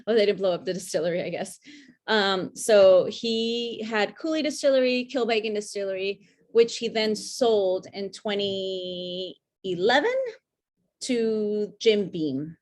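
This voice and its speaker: A woman's voice: mid-range voice, unhurried. A woman hosting a virtual whiskey tasting over a video call, telling a brand's history in a loose, chatty way with many fillers and restarts. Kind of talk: casual talk for a virtual tasting.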